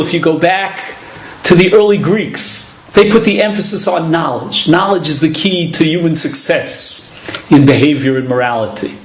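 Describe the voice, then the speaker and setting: A man, a rabbi, giving a Torah class in a measured, deliberate teaching manner, with Hebrew terms mixed into his explanations. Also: fairly high pitch, echoey room, low-quality recording. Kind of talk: lecture.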